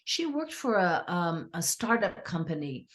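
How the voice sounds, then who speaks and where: A middle-aged woman, a therapist and author, telling client stories in a lively conversational way and acting out what clients said. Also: on the low side, measured pace. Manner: animated, acts out clients' quotes. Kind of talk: conversational storytelling.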